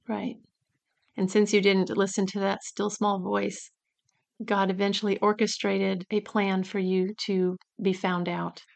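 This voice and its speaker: A woman co-hosts a faith-based recovery talk, answering with brief, encouraging affirmations. Her voice has a gravelly fry and little melodic movement. She sounds supportive and steady. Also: mid-range voice, unhurried. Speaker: recovery podcast co-host.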